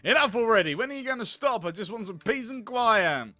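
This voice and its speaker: A man's voice: high-pitched, lively intonation, moderate pace, sharp tone, dry recording, soft background music. A man voicing a weary, harried mother of a newborn in a narrative game, snapping and exasperated.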